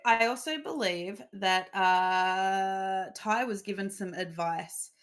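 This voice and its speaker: A woman's voice: mid-range voice, takes it slowly, fairly bright tone. A woman running a tabletop game on a live stream, narrating the scene and chatting with players. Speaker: game master.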